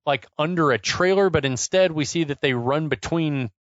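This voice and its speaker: A man's voice: on the high side, normal speed, no room sound, highs cut off. A man co-hosting a podcast, animatedly recapping an action movie's chase scene in casual chat, swearing and incredulous. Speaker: podcast co-host.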